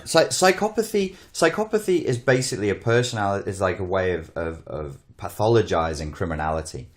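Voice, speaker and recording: A man's voice: sits low, lively intonation, a little fast. A man in casual podcast chat, rambling and blunt, often restarting his sentences. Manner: rambling, blunt, swears, self-interrupting. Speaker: podcast co-host.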